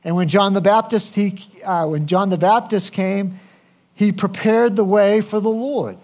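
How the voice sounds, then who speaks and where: A pastor delivers a sermon in a relaxed, conversational way. His voice sits high for a man, and he takes his time. He often turns to the congregation with questions. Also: a little slow.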